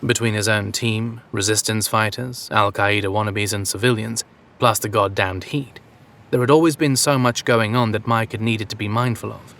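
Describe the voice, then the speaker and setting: A man reading a story aloud in a steady, measured narration. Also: lowish voice. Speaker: audiobook narrator. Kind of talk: scripted narration.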